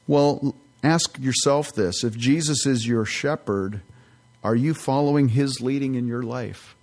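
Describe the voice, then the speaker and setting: A man's voice: mid-range voice, darkish tone. A man teaching a sermon as a pastor, earnest and conversational, with casual asides between scripture readings.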